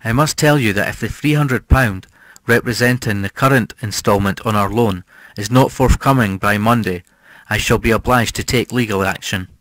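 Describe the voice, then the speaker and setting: A man's voice: on the low side, normal speed, a bit bright, dry recording, natural voice. A man voicing a snappish, cold moneylender. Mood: angry. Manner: snappish, indignant. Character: irritable, cold-blooded male moneylender.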